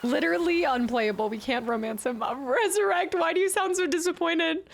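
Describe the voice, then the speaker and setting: A young woman live-streaming a video game, chatting casually and reacting with excitement. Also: very high voice, a little fast, vocal fry.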